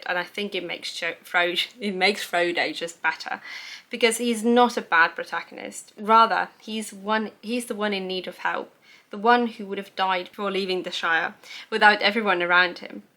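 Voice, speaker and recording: A young woman with a bright, crisp voice gushes about her favourite books in a casual, rambling chat. She laughs at herself and reads out her old notes with plain delight. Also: medium pitch, moderate pace. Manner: gushing, rambling, self-mocking, laughs at herself. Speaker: book vlogger. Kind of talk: casual book review chat.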